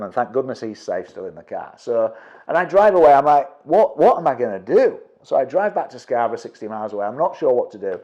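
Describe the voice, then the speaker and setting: A middle-aged man, a property investment trainer, tells a story to an audience, acting out his own quotes with quick restarts. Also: medium pitch, a little mellow, muffled recording.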